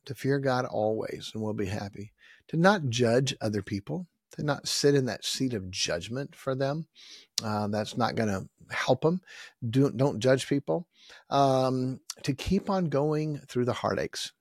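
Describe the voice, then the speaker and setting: A man with a gravelly, fry-edged voice delivers a folksy sermon. He repeats his lines, and now and then his voice jumps up loud and emphatic. The sound is dry and close, with no room around it. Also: mid-range voice, lively intonation, measured pace, no echo. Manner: folksy, repetitive preaching with rising emphatic bursts. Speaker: pastor.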